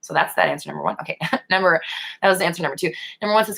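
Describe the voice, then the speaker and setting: Young woman host, lowish voice with a bright, forceful edge, blunt and animated, casual Q&A. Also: racing, gravelly. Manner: animated, blunt, swears freely. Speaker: host answering viewer questions. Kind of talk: casual live Q&A chat.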